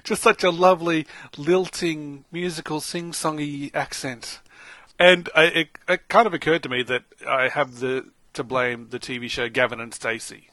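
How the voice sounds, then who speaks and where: A man with an Australian accent, co-hosting a casual chat podcast, animated and quick to laugh. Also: on the high side, no echo. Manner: animated, laughs often, exclaims. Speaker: podcast co-host.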